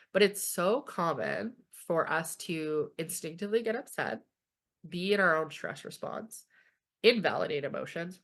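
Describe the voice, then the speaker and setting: A woman's voice: deep voice, animated, moderate pace, fairly bright tone. A young Canadian woman presenting a webinar from home, talking informally and often checking in with "okay?". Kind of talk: online webinar lecture.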